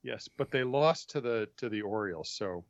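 A man's voice: lowish voice, moderate pace, no room sound. A man from New England talks in a loose, joking way as he hosts a podcast chat. He often stumbles and repeats himself, and the dry recording sounds dull and muffled. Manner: joking, stammers when excited. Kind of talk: casual chat.

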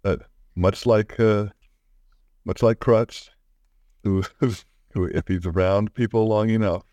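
Low-voiced halting man. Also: fairly even intonation, warm tone, dry recording, highs cut off. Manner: halting, repeats words often. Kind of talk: casual chat.

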